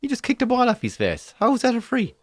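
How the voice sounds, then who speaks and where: Lively Irish man reacting to football. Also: very high voice, quick pace. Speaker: watchalong co-host. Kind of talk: casual match commentary chat.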